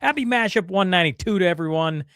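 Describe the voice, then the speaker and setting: A man hosting a casual morning podcast, teasing his co-host with quick, lively asides. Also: high-pitched, clean tone, no echo, studio quality. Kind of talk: casual morning show chat.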